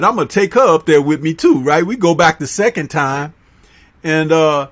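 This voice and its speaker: High-voiced laughing Chicago man. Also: normal speed. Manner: animated, laughs often, slangy. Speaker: livestream host reading chat. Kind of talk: casual live chat.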